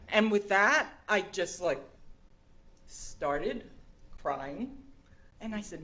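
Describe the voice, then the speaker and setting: An older woman telling a personal story in a talk, lively and acting out the dialogue. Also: lowish voice, takes it slowly, dull audio, a little hiss or hum. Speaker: speaker.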